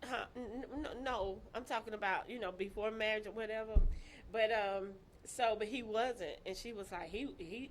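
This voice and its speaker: A woman telling her own story in casual chat, animated and laughing, acting out the voices of people she quotes. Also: mid-range voice, normal speed, slight background noise.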